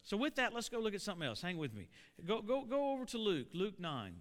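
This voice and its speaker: A man preaching a storytelling sermon to a church congregation, animated and putting questions to the room. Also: high-pitched, quick pace. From Oklahoma. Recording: echoey church hall.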